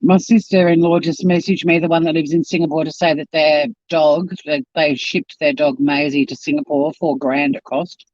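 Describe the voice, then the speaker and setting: On his live-stream, a YouTube host eats and rambles casually, talking with his mouth full and hardly pausing. His fairly high voice has little pitch movement and a moderate pace, with no room sound; the home camera mic yields dull, dry lo-fi audio.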